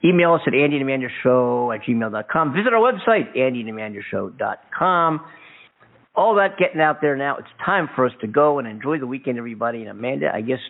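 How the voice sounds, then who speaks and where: A man's voice: medium pitch, lively intonation, fast talker. A man co-hosting a call-in talk show, rambling through fillers and restarts and cracking bawdy jokes. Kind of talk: casual joking chat. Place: California, USA. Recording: tinny phone-line sound.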